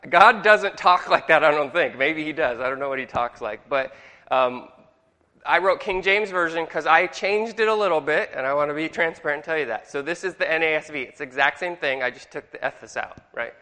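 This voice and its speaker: A man's voice: on the high side, bright, forceful tone. A middle-aged man teaching a Bible class in a jokey way and asking the room questions. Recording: long hall reverb.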